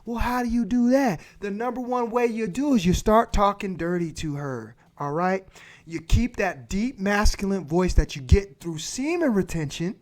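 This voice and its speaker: A man's voice: sits high, moderate pace. Crude ranting male livestream host. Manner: blunt, crude, repeats points for emphasis. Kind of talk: profane advice rant.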